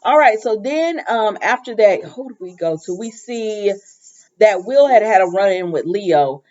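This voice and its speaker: A woman giving a casual, sassy recap of a soap opera episode, chatty and full of lively asides. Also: mid-range voice, measured pace. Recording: slightly muffled lo-fi recording.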